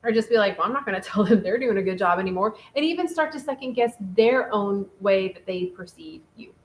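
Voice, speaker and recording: A woman co-hosting a casual relationship talk show, chatty and animated, reading out listener comments. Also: medium pitch, brisk, a little hiss or hum, rough recording. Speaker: podcast co-host.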